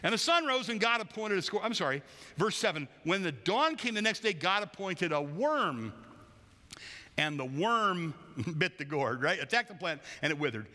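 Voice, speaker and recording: A man's voice: high-pitched, very animated, moderate pace, bright, forceful tone. A man preaching a sermon as pastor in a church, conversational and wry with playful asides. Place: church sanctuary. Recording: long church hall reverb.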